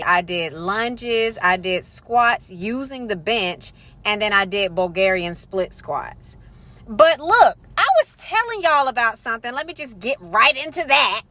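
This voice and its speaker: A young woman talks straight to her viewers in a relaxed, storytelling vlog. Her voice is bright and a little high, and it leaps around a lot. She throws in playful asides and slips into little voices now and then. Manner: chatty, animated, with playful asides and voice shifts. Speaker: vlogger. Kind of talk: casual faith vlog storytelling.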